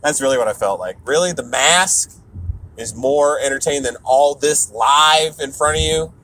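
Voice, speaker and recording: A man's voice: medium pitch, normal speed, bright, forceful tone, a little hiss or hum. A man who does stand-up, rambling through a profane podcast monologue while on the road, jumping into mock voices and scraps of broken French. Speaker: comedian.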